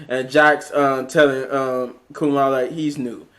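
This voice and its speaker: A man's voice: medium pitch, little pitch movement, unhurried, fairly bright tone. Rambling man recapping a movie. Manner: rambling, many fillers and restarts, retells scenes with quoted lines. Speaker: movie reviewer. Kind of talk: casual spoken movie recap.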